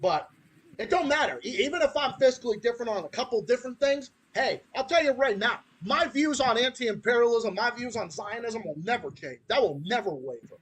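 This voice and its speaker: A man's voice: very high-pitched, expressive, brisk, a bit bright, slightly rough. A man from Massachusetts with a Massachusetts accent, hosting a podcast in a heated, profane ranting style. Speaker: podcast host.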